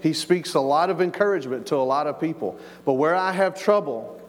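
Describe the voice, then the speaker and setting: A man's voice: a little high, fairly quick. A man preaching a sermon as pastor, emphatic, repeating his words and acting out the quoted lines. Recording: long reverb of a large hall.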